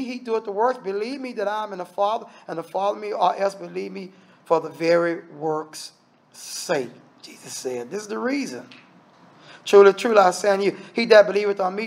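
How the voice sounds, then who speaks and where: Gravelly high-voiced preaching man. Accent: Southern US. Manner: animated preaching, reading scripture aloud with asides. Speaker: minister. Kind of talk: sermon.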